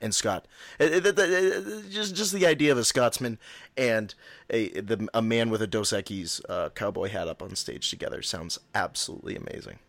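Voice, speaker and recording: A man's voice: on the low side, animated, moderate pace, vocal fry, a bit bright, no echo. An American man hosting a podcast, teasing his co-host and reading plugs in an upbeat promo style. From United States. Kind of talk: casual podcast chat.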